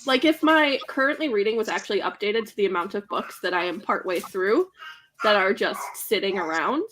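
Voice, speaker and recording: A woman hosting a casual book chat with friends, lively and quick to laugh and exclaim. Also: medium pitch, a crowd in the background. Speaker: host.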